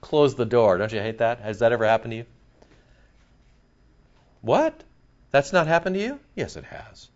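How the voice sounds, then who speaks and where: Animated preacher, man, lo-fi recording. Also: medium pitch, moderate pace, pauses often. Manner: animated, conversational, jokes with the congregation. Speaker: pastor. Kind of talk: expository sermon.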